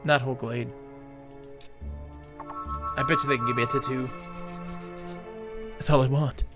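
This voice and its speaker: A man's voice: medium pitch, steady tone, a little slow. Goofy guy commentating his game live, rambling jokes, music playing under him. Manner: playful, rambling, jokey, laughs often. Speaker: streamer.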